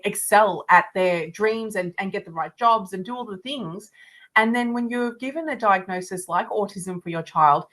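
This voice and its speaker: A woman's voice: medium pitch, a bit bright, low-quality recording. A woman hosting a podcast interview, speaking in a heartfelt, openly emotional way. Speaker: podcast host. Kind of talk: conversational interview.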